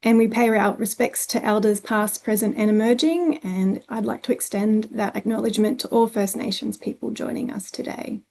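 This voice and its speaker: Mellow-voiced Australian woman presenting. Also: a little high, normal speed, gravelly, few pauses. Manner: plain, with frequent ums and restarts. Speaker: conference presenter. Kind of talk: presenting a webinar talk.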